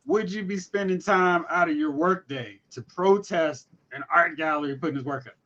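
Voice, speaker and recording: Male podcast co-host, high and bright, animated movie-review banter. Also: lo-fi sound. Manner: animated, acts out movie lines in quick mocking quotes. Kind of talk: casual movie review chat.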